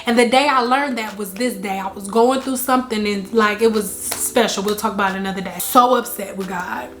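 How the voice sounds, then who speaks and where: A woman's voice: medium pitch, brisk, faint music behind. A married woman talking casually to her viewers about spirituality, emphatic and repeating her points for stress while telling her own stories. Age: adult, married. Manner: emphatic, repeats lines for stress, animated storytelling. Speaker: spiritual vlogger. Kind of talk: casual spiritual talk to camera.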